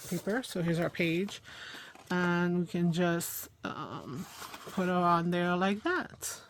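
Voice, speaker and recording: A woman's voice: mid-range voice, slight background noise. Chatty New woman crafting live. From New York, USA. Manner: chatty, thinks aloud while working, frequent fillers; self-deprecating, laughs at herself. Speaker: craft channel host. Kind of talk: casual crafting livestream.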